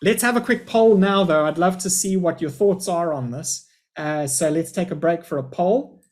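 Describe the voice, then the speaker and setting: A man's voice: high voice, moderate pace, darkish tone. A middle-aged man, a school principal, giving a chatty, upbeat live webinar presentation over a video call.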